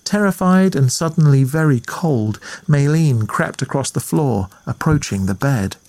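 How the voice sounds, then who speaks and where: A man reading a ghost story aloud in a measured, atmospheric way as the storyteller. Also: medium pitch, animated, darkish tone. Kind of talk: scripted narration of a ghost story.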